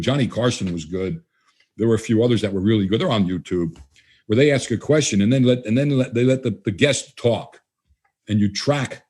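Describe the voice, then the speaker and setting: Older male interview guest, mellow and husky, a loose storyteller who plays out the dialogue he quotes. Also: fairly low pitch. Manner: conversational, acts out quoted dialogue. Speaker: guest trainer.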